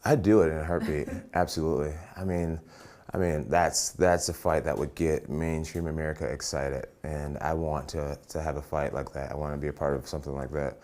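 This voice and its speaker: Very deep-voiced man, upbeat interviewee. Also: steady tone, a little fast, darkish tone. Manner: upbeat, repeats words as he restarts sentences. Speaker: professional fighter. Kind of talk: casual press interview.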